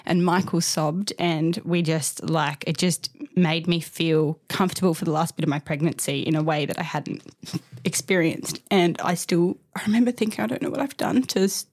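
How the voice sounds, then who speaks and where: A woman's voice: sits low, steady tone, normal speed, darkish tone, no room sound, clean studio sound. A woman in her thirties, an interview guest telling her own story openly and from the heart, rambling with restarts. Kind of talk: candid personal storytelling.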